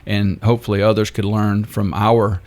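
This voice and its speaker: An older man, a radio guest telling his story in a halting, unhurried way. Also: lowish voice, level tone, darkish tone. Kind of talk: interview storytelling.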